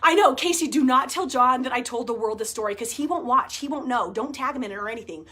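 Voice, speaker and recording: Bright high-voiced woman in her forties. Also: fast, husky. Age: 40s. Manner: animated storyteller, laughing, swears casually. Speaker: vlogger. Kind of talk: casual chat to camera.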